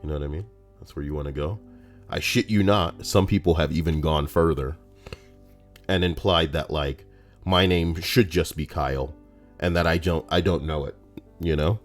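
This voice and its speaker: A man reading out Reddit posts on a livestream, rambling and profane in a casual, animated way. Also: very deep voice, normal speed, soft background music.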